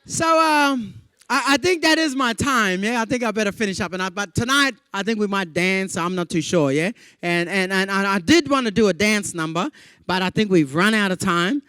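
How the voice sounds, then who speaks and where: A man with an Australian accent giving a comedy keynote, telling animated stories and slipping into playful voices for the people he quotes. He talks in a chatty way, with lots of "yeah?" and "you know". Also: sits high, fairly quick, clear, resonant tone, no echo, studio quality. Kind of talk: stand-up comedy storytelling to a live audience.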